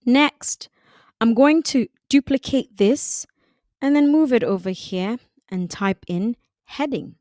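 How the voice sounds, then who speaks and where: A woman giving a calm, step-by-step software design tutorial, talking through each click. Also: fairly high pitch, takes it slowly, dry recording, clean studio sound. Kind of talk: screen-recorded software tutorial.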